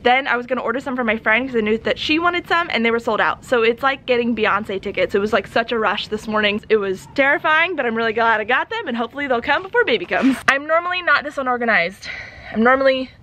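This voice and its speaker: A woman's voice: on the high side, lively intonation, fast, sharp tone, slight background noise. A young woman vlogging in a casual, chatty way, laughing often and a little out of breath. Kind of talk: casual chat to camera.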